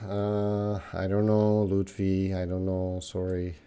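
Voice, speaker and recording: A man's voice: sits low, monotone, slow pace, mellow, clear, resonant tone. A young man teaching English on a live stream, reading viewers' questions aloud and answering them in an encouraging way. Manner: encouraging, talks straight to viewers, repeats names.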